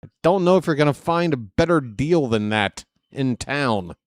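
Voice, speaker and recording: A man's voice: medium pitch, animated, moderate pace, no echo, studio quality. A man calling a ballgame play-by-play on a fan live stream, chatty, joking and fussy.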